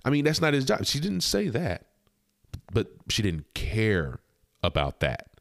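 A man with a low voice talks into a close mic in a dry, dead room. His commentary is blunt and indignant, full of cursing and repetition. His pitch swings widely as he presses his point. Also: huge pitch swings, unhurried, gravelly, no room sound. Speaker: podcast host. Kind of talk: commentary on a video clip.

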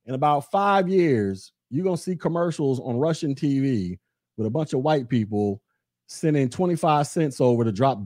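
A man with a mellow, relaxed timbre and a mid-range voice, talking alone on his podcast. He rants in a sarcastic tone and puts questions straight to his audience. The sound is close and dry, with no room around him. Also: medium pitch, no echo. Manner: ranting and sarcastic, talks straight to listeners. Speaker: podcast host. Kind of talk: solo opinion commentary.

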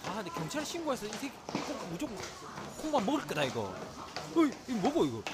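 An actor playing a blunt, fast-talking young cosplayer in an audio drama. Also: male voice, sits high, huge pitch swings, heavy background noise. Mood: brash. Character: brash young male street cosplayer. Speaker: cosplayer bystander.

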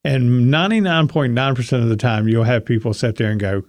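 A man's voice: medium pitch, a little fast, no echo, clean studio sound. A middle-aged man co-hosting a radio show, telling a casual anecdote and acting out the people in it. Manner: storytelling, acts out voices in anecdotes.

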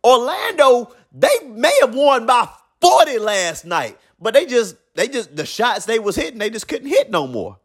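A man with a high voice that swoops up and down, delivering a sports talk monologue. He is blunt and opinionated, speaking casually and repeating points for emphasis. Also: unhurried, few pauses. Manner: animated, blunt, colloquial, repeats himself. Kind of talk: opinionated basketball commentary monologue.

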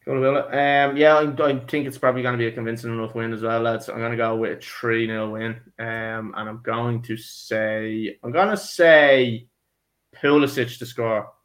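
A man with a voice hosts a loose football podcast, cracking jokes and keeping the chat moving with his mates. His pitch sits in the middle and his manner is casual and laddish. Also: fairly even intonation, normal speed, fairly bright tone. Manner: laddish, jokey, addresses co-hosts as lads. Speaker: podcast host.

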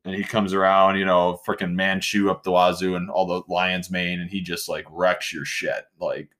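Deep-voiced man rambling casually. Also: normal speed. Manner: rambling and animated, self-interrupting. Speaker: podcast co-host. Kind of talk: casual chat.

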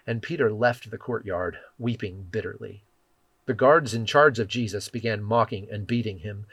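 Man reading bible verses, lowish voice, solemn and measured, super dry sound. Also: breathy edge, no echo. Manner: measured, solemn reading that drops softly at phrase ends. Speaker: scripture reader. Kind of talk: devotional Bible reading and prayer.

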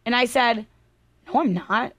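A young adult woman co-hosting a podcast, telling stories in a chatty, animated way. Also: a little high, measured pace, no echo. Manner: chatty, animated storytelling with laughs. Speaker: podcast co-host. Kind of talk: casual chat.

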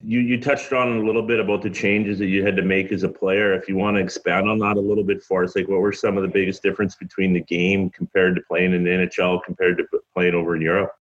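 A man co-hosts a casual interview, his questions loose and full of fillers. His voice is very deep and even, with little movement. The audio is dull and lo-fi. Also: quick pace, hardly any pauses. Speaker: co-host.

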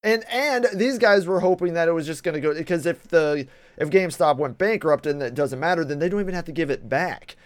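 Brief: male co-host, casual profane chat, animated, tight dry sound. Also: a little high, fairly quick, clear, resonant tone, no room sound. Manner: animated, swears a lot, acts out voices in quotes.

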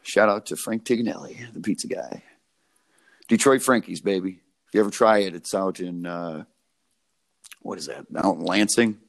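This young man's voice sits low with vocal fry, moving at an ordinary pace as he co-hosts a laid-back podcast. His meandering, profane anecdotes are crammed with filler words, and he chuckles at his own humor along the way.

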